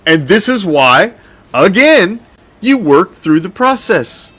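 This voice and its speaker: A male sports host with a fairly high, bright voice that swings widely in pitch. He talks loosely and profanely, rambling through his points with plenty of energy. The delivery is casual commentary. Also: very animated, measured pace, soft background music.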